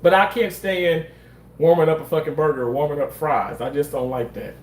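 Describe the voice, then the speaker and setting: A man's voice: a little high, fairly even intonation, brisk, echoey room, low-quality recording. A man from Mississippi, telling a personal story in a candid, rambling way and swearing freely. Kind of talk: casual storytelling monologue.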